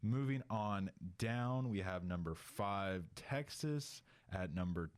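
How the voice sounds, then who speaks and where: A man with a fairly low voice leads a casual college football picks segment. He reads out each matchup in an easygoing, wry manner and chats loosely with his co-hosts. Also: animated, slow pace, hardly any pauses. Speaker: podcast host running the picks. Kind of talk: casual sports chat.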